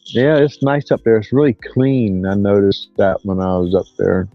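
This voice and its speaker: A man, rambling through a casual livestream chat as host in a folksy, drawn-out way. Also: fairly low pitch, no room sound, soft background music. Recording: dull lo-fi dry sound.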